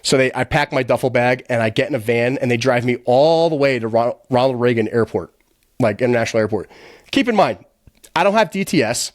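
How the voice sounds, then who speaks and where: A man guest on a podcast, telling a story in a casual, animated, profane way, laughing often and rambling with lots of "like". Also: medium pitch, dry recording, clean studio sound. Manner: quick, rambling, heavy use of filler "like".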